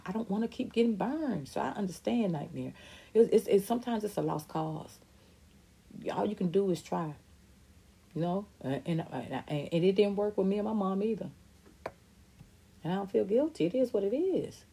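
A woman's voice: mid-range voice, gravelly, dark tone, husky. A middle-aged woman hosting a podcast, talking candidly and emphatically about her life and answering viewer comments, sometimes mimicking other people's voices. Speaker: podcast host. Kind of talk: personal talk reading viewer comments.

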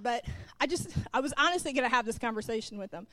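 Lively woman preaching a story-driven sermon. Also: fairly high pitch, fast talker, hardly any pauses, dry recording. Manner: animated, acts out quoted dialogue, talks straight to the congregation. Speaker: pastor's wife, preacher.

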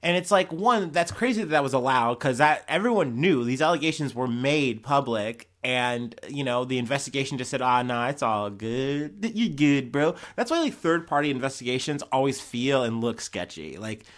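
A man's voice: medium pitch, expressive, fairly quick, few pauses, a bit bright. A man hosting a podcast, talking through news stories in a rambling, profane, heated way. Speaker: podcast host. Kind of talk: casual news commentary.

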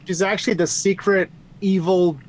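A man's voice: high voice, fairly even intonation, moderate pace, a little hiss or hum. A man playing at a tabletop game, making dry jokes in casual table talk. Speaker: player.

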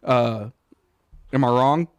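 A man's voice: mid-range voice, takes it slowly, clear, resonant tone, no echo. A man, co-hosting a podcast in casual, profane banter and laughing often. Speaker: podcast co-host.

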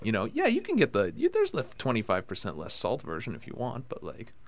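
A man's voice: mid-range voice, wildly swooping pitch, brisk. A man hosting a podcast in casual, joking chat, full of "like" and "you know". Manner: loose and jokey, heavy on fillers like "like". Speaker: podcast host.

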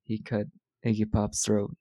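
A man's voice: fairly low pitch, completely flat delivery, unhurried, mellow, no room sound, lo-fi sound. A man co-hosting a podcast, casually retelling film scenes with quoted lines and frequent laughs. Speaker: podcast co-host recapping a film. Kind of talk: casual chat.

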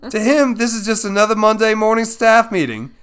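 A podcast host doing a loud, exaggerated put-on Australian accent as a wildlife documentary presenter. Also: medium pitch, fairly quick, clear, resonant tone, pitched above the performer's own voice, natural voice. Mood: mock documentary. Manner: shouty mock nature-documentary narration. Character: excitable Australian wildlife presenter, adult man. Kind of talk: comedic impression on a podcast.

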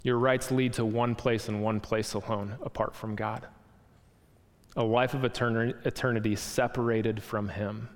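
A man's voice: fairly low pitch, level tone, a little slow. A man preaching a sermon, earnest, posing rhetorical questions to the congregation. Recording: long hall reverb.

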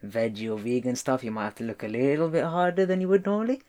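A man's voice: mid-range voice, quick pace, darkish tone. A man on a casual podcast, rambling and hedging with lots of fillers. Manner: rambling, hedges with many fillers. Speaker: podcast co-host. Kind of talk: casual chat.

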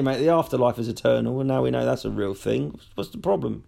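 A man co-hosting a podcast, talking in a joking, animated way with plenty of swearing. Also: mid-range voice, fast, gravelly. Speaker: podcast co-host. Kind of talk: casual chat.

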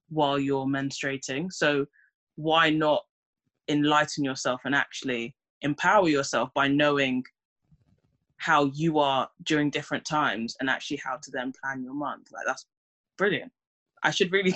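A woman's voice: very deep voice, moderate pace, a bit bright. A young woman, chatting casually and acting out her own reactions. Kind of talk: casual chat.

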